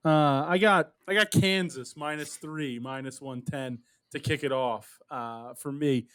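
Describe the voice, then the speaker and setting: A man's voice: mid-range voice, measured pace, a bit bright, clear, resonant tone. A man hosting a sports betting podcast, steering the picks in casual chat. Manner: runs the segment, laughs often. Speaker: podcast host.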